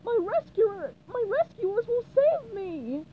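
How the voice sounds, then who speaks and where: A young cartoon princess, high and loud, who sounds defiant and sure of herself, as a woman puts her on. Her voice swings widely. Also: big pitch swings, takes it slowly, narrow, tinny audio, exaggerated voice.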